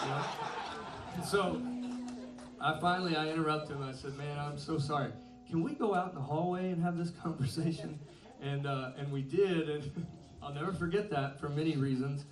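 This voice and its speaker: The singer of a band, a man in his thirties with a fairly high voice, pokes fun at himself in a story told between songs, laughing frequently. His stage microphone feeds a PA, and the roomy, distant capture of the venue carries the audience and live band music behind him.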